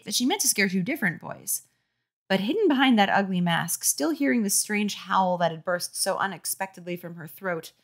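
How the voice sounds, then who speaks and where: A young woman reading a kids' horror book aloud while tipsy, tripping over words and adding sarcastic asides. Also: medium pitch. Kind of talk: comedic drunk read-aloud.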